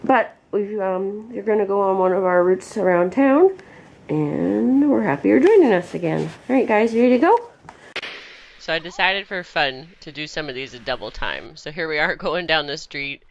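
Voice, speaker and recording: A woman's voice: fairly low pitch, moderate pace, highs cut off. A woman getting over a cold, chatting casually as she narrates a walk with her dogs outdoors on a town street. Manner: chatty, relaxed narration with fillers. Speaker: vlogger walking her dogs.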